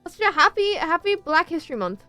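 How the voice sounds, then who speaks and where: A woman's voice: very high voice, sing-song, quick pace, pushed and bright, no echo, faint music behind. Bubbly young woman streamer. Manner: bubbly, chatty, playful. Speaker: streamer and artist. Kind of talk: casual stream chat.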